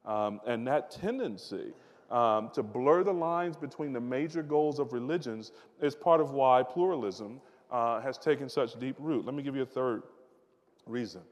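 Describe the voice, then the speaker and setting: A man's voice: mid-range voice, normal speed. A male pastor giving a conversational sermon, often repeating words and asking the audience questions. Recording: long reverb of a large hall.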